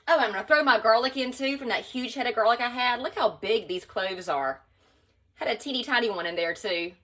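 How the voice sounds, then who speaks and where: Poor audio captures a Southern-accented home cook chatting to her viewers while she cooks at home. She's folksy and talkative, calling them y'all throughout her casual vlog narration, and her voice is on the high side and a bit bright.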